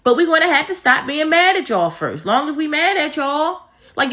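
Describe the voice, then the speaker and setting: Bright, blunt, preachy woman ranting. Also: high-pitched, big pitch swings, a little fast. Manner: repetitive, emphatic. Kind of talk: ranting commentary.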